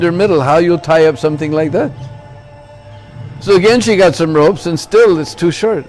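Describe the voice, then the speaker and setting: A religious lecturer gives a temple sermon, telling a story and checking in with his audience through "Hmm?" and "Huh?". His voice is on the high side and a little mellow.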